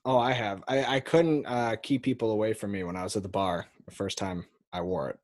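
A man's voice: fairly low pitch, fairly even intonation, darkish tone, dry recording, clean studio sound. A young man hosting a sports podcast, chatting casually and joking with his co-hosts. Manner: upbeat, joking, quick banter. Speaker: podcast host. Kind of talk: casual chat.

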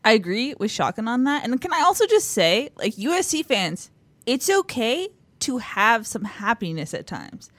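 Female co-host, teasing and playful, animated intonation, dry mic. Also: a little high, normal speed, no room sound. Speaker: podcast co-host. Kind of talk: casual sports podcast chat.

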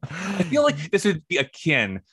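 A man guesting on a podcast in casual chat, easygoing and quick to laugh. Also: fairly high pitch, wildly swooping pitch, a bit bright, slightly rough, dry recording, studio quality.

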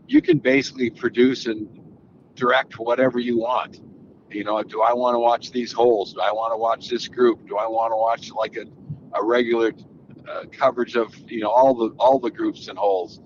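An older man gives relaxed, rambling answers as a golf guest, starting sentences over and over. His voice sits at a middle pitch. The audio is a little dull, with a faint hiss behind him. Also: normal speed. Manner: relaxed, rambling with frequent restarts. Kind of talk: casual interview answers. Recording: slightly dull audio with faint background noise.

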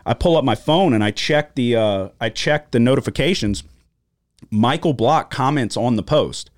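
A man's voice: medium pitch, moderate pace, no room sound. A man co-hosting a studio podcast, telling stories in casual chat, swearing freely and acting out quoted voices. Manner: profane, animated storytelling with quoted voices. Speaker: podcast co-host.

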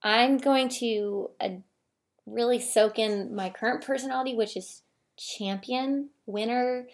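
Woman, podcast co-host, casual comedic chat, giggly and cocky, slightly high voice. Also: a little slow.

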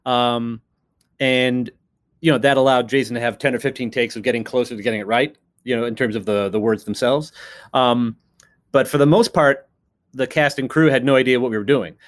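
A man's voice: medium pitch, steady tone, brisk. Man rambling through a behind-the-scenes story. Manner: rambling storyteller with many fillers and restarts; acts out quoted voices of others. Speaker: co-creator and writer of a TV series. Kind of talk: casual interview conversation.

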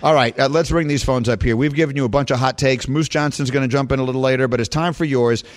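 A middle-aged man hosting a sports talk radio show, animated and chatty as he banters with his co-hosts. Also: mid-range voice, fast talker.

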